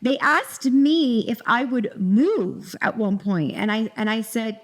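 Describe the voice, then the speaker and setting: Middle-aged woman, podcast co-host, higher pitch, rambling storyteller who restarts her sentences a lot. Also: slow, few pauses. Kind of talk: casual storytelling chat.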